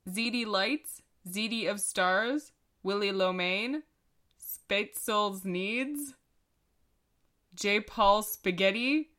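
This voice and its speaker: A woman co-hosting a relaxed podcast, bright-voiced and unhurried. She reads out silly lists and keeps breaking into giggles. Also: mid-range voice. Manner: giggly, breaks into laughter while reading. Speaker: podcast co-host. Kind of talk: casual podcast banter, reading pun lists.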